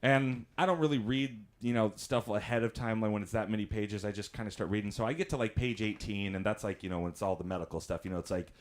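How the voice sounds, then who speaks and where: A man's voice: fairly low pitch, fairly even intonation, fast, few pauses. A man doing stand-up comedy, telling chatty stories, laughing at his own jokes and acting out voices.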